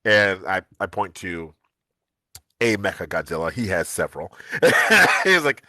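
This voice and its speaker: A man from the United States chatting casually on a live stream as co-host, telling animated family stories and laughing often. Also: fairly low pitch, a little slow, dry recording.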